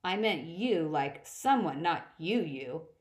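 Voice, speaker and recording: A woman's voice: low voice, expressive, slow. A woman voicing a nervous young half-goat satyr boy in a storybook reading, stumbling and correcting himself as he talks. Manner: stumbling, self-correcting speech.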